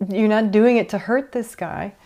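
A woman's voice: mid-range voice, normal speed, mellow. A woman interviewer reflecting on what her guest has said.

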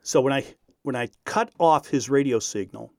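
A man recounting a personal story in an animated, self-deprecating way. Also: medium pitch, normal speed, gravelly, no room sound, studio quality. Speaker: radio speaker.

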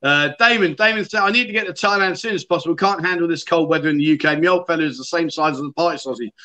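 A man hosts a casual livestream chat show. He tells stories and reads out viewer comments in a bright, forceful voice that sits a little high for a man. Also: rapid-fire.

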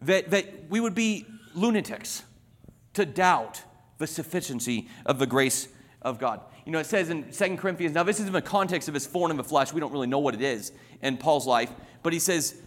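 A male preacher delivers his sermon with emphatic repetition, his voice sitting slightly high for a man. A long reverb trails each phrase, as in a large hall. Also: animated, fairly quick. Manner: emphatic, repetitive, tells illustrations.

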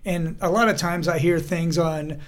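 A man hosting a podcast in casual chat, an animated storyteller who acts out the voices he quotes and laughs often. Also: a little high, moderate pace, crowd noise. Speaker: podcast host.

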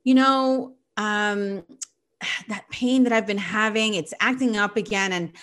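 A woman's voice: medium pitch, a little slow, fairly bright tone, natural voice. A woman voicing a self-absorbed middle-aged mother who answers sweetly and breezily while turning the talk to herself. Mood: breezy.

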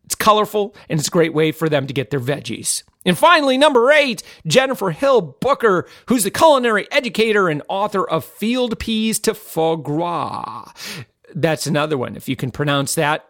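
A man hosting a money-saving talk, reading chefs' tips with chatty asides and self-corrections, then pitching a membership. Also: sing-song, normal speed, fairly bright tone, no room sound, clean studio sound. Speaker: host of a money-saving channel.

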